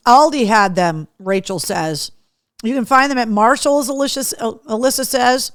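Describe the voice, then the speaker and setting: A woman's voice: a little high, moderate pace, no echo, clean studio sound. A woman hosting a live webcast, chatting casually and bluntly, swearing and reading out viewer comments while eating. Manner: chatty and blunt, swears freely, talks with mouth full. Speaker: radio host running a live webcast. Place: small home studio.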